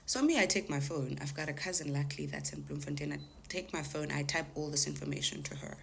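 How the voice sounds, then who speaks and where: Low-voiced woman telling a story. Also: fast, gravelly, slight background noise. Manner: animated retelling, acting out the callers' lines in quoted voices. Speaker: TikTok storyteller. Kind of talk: casual storytime monologue.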